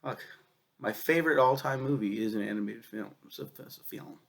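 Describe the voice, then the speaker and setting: A young man with a cold and a cough, casually reviewing a film, swearing a lot and rambling excitedly. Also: lowish voice, a little fast, creaky. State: sick with a cough.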